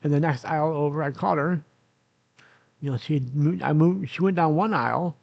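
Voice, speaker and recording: Older man, gravelly voice, dry close sound, dull lo-fi recording, rambling self-correcting storyteller in a nursing home room. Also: on the high side, normal speed, no room sound. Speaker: vlogger. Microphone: camera recording himself.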